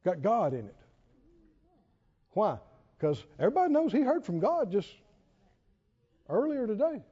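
Animated male preacher in an echoing hall. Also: high voice, slightly rough. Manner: animated, emphatic, with slow drawn-out stresses and chuckles. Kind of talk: sermon. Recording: dull sound with long hall reverb.

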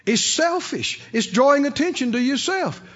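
High-voiced guy preaching, lively, hollers sometimes, muffled old recording. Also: normal speed. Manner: emphatic, rising to hollering. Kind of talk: sermon. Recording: dull lo-fi recording.

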